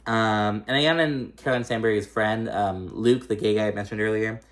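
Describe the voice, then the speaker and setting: A man's voice: lowish voice, steady tone, moderate pace. Guy recapping a reality show, chatty, swears a lot, throws shade, lots of ums. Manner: chatty, profane, shady, full of fillers. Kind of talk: casual episode recap.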